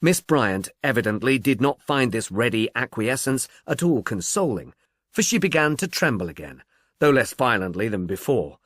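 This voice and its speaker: Lively, dry-voiced male narrator. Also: medium pitch, normal speed, no room sound. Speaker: audiobook narrator. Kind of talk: scripted narration.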